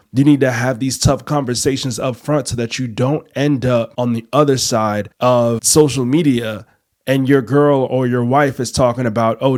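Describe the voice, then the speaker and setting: Calm man advising listeners. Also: mid-range voice. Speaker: podcast co-host. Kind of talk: advice to male listeners.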